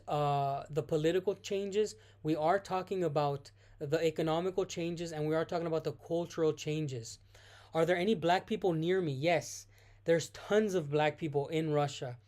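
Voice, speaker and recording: In a casual live-stream Q&A, a speaker from the United States picks questions out of the chat and responds right away, frequently starting over and quickly fixing their wording. The voice is medium-pitched and a little mellow.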